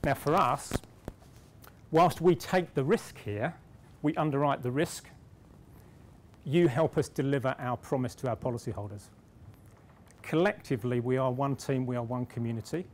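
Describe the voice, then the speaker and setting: A man's voice: medium pitch, normal speed, pauses often, slight background noise. British man telling a conference anecdote. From Britain. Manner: storytelling, self-deprecating, with repeated restarts. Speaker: conference speaker. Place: conference hall.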